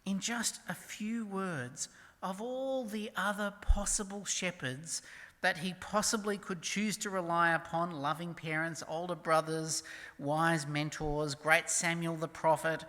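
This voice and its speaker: A preacher delivering a sermon with emphasis, swinging from loud declarations to hushed near-whispers and reading scripture slowly and softly. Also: mid-range voice, long reverb tail. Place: church.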